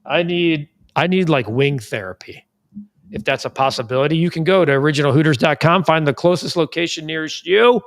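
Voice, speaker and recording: A man hosting a casual sports talk show from a studio, ranting in an animated way that jumps between calm and loud. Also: a little high, a little fast, few pauses.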